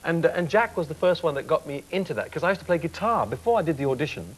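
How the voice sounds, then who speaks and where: A man's voice: fairly high pitch, expressive, very fast, faint music behind, rough recording. A man in his fifties reflecting candidly on his singing career as a talk show guest. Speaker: singer, guest. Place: TV studio.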